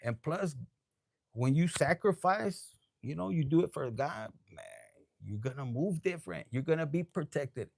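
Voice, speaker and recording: A man's voice: a little high, animated, normal speed, gravelly, slight background noise. A man giving a casual live tarot reading, tipsy, loose and profane, dropping Spanish phrases. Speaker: tarot reader.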